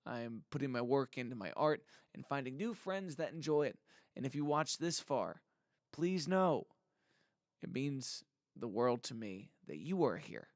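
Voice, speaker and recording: A man talking straight to his viewers in a loose, rambling monologue. He drifts between sincere gratitude and goofy asides. His voice sits at an everyday middle pitch, and the sound is dry and close, with no room echo. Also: very animated, measured pace, creaky. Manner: rambling, heartfelt and jokey. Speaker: musician vlogger. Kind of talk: casual monologue to camera.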